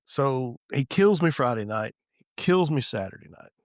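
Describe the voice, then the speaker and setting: A middle-aged man, a retired police sergeant telling stories in a casual podcast chat, profane and animated. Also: medium pitch, moderate pace, dry recording, studio quality.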